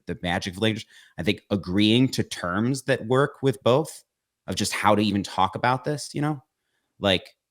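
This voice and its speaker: A young man in casual conversation, talking haltingly with many restarts and repeated words, earnest and at times emotionally heated. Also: low-pitched, dry recording, studio quality. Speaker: podcast guest.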